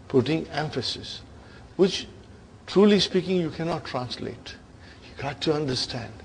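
A man's voice: medium pitch, gravelly, slight background noise. A man teaching an Arabic grammar class, lecturing and often checking with his students through short questions.

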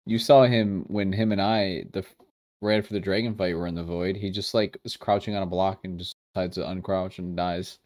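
A man's voice: deep voice, fairly even intonation, a little fast, darkish tone, no room sound, studio quality. A man joining friends in a video game, teasing and sarcastic in casual banter. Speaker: fellow player.

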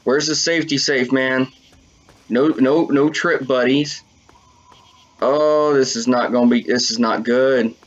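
Man, let's play commentary, excitable, swears a lot, mid-pitched voice, dull lo-fi recording. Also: a little slow. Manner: excitable, swears often, talks to viewers. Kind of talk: casual gameplay commentary.

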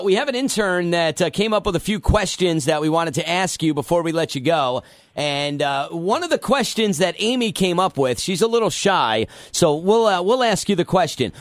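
A male radio morning-show host with a somewhat high voice who keeps the chat moving. He leans on fillers and sounds close and dry in the studio. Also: no echo. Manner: chatty, with frequent fillers.

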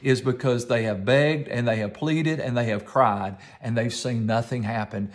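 Man preaching an emphatic sermon. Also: mid-range voice. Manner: emphatic preaching with repetition and slowed stress. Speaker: pastor.

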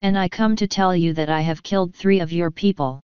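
A young witch girl holds her ground with firm, defiant words, as a woman reads her part. The voice is low and very smooth, with a dry, slightly dull sound. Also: fairly even intonation, fairly quick, no echo, lightly acted.

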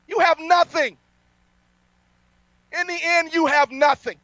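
A man preaching a fiery sermon, boastful and defiant, his voice climbing to loud peaks. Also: very high voice, steady tone, slow, no room sound. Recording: dull lo-fi sound, dry.

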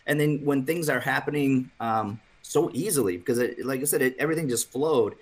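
A man talking in a relaxed podcast chat as a guest, recounting a trip in a storytelling way and chuckling as he goes. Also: medium pitch, brisk. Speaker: hunting staff coordinator guest.

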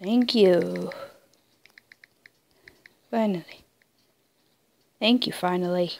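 A young woman commenting on her own online game play, muttering in frustration and breaking into high squealing shouts. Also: extremely slow, vocal fry. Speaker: gamer playing an online wolf game. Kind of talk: casual gameplay commentary.

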